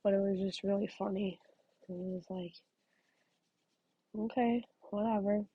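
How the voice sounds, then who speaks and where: A woman's voice: medium pitch, level tone, moderate pace, breathy edge, muffled recording. Chatty woman crafting at home. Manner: chatty, rambling storyteller, drops to soft asides. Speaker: crafting vlogger. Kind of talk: casual chat while crocheting.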